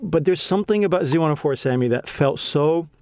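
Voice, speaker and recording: A man's voice: fairly high pitch, animated, darkish tone, no echo, studio quality. A young man hosting a podcast, speaking with heartfelt emotion in a casual conversation and often restarting his sentences. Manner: heartfelt, halting with many restarts. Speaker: podcast host.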